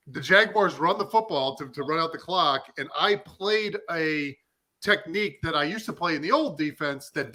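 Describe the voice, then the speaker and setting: Fired-up male co-host, bright edgy tone, casual sports talk. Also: fairly high pitch. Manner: animated, fired up. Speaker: podcast co-host, former defensive lineman.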